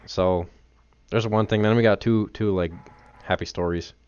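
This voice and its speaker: A man hosting a casual talk show, chatting in a relaxed, conversational way with many fillers. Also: fairly low pitch, normal speed, clean tone, highs cut off. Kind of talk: casual chat.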